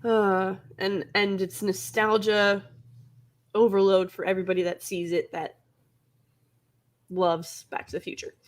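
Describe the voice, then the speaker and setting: A woman from the American Midwest co-hosting a podcast, chatting casually and excitedly, laughing often and jumping up in pitch when she tells a story. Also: measured pace, pauses often. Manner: bubbly, laughs often, voices swing high. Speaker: podcast co-host. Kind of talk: casual chat.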